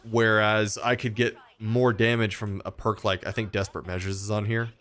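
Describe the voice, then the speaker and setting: Man from Texas, gaming streamer, fairly low voice, casual rambling chat, fillers and restarts. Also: level tone, moderate pace, a bit bright.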